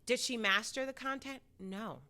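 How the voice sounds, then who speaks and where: A woman's voice: fairly high pitch, normal speed, bright, forceful tone. A woman hosting a podcast in casual conversation, emphatic and encouraging, with frequent affirming murmurs. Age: adult teacher, several years since first teaching. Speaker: podcast host.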